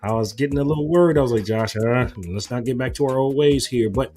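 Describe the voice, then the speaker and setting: A man's voice: medium pitch, fast talker, a little mellow. A man co-hosting a casual sports talk show, going through game statistics with frequent "uh" fillers.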